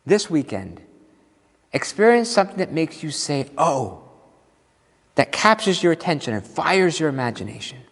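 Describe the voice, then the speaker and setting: A man preaching a sermon as minister, playful and animated, drawing out his exclamations slowly for effect. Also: fairly high pitch, creaky. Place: church sanctuary. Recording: long hall reverb.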